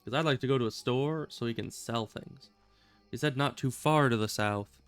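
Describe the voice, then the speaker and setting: Casual male game streamer, smooth clear voice, faint music underneath. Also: mid-range voice, normal speed, dry recording. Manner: chatty, rambling, self-amused. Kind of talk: casual gameplay commentary.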